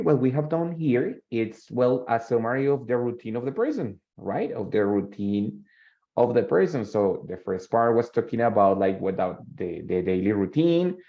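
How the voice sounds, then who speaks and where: Gravelly-voiced teacher. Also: male voice, fairly low pitch. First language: Spanish. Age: 30s. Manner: patient, repeats phrases and checks in with "ready?". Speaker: English teacher. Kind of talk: online English class, mixing Spanish explanations. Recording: dull lo-fi call audio.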